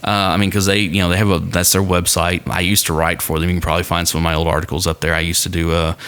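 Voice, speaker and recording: Very deep-voiced rambling podcast man. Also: little pitch movement, fast, fairly bright tone, clear, resonant tone. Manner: rambling, many fillers and restarts. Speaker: podcast co-host. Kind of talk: casual chat. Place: home studio with his dog nearby.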